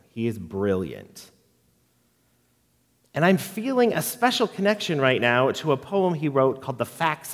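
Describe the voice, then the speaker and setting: A man giving a sermon and reading a poem aloud, in a slow, reflective and expressive way, in a church. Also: medium pitch. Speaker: preacher. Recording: long reverb of a large hall.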